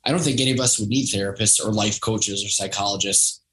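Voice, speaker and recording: A man's voice: on the low side, steady tone, fast, fairly bright tone, a little hiss or hum, rough recording. A man in his thirties, a podcast guest, telling a personal story in a reflective, casual way. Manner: reflective, storytelling, acts out quoted voices. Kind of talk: casual conversation.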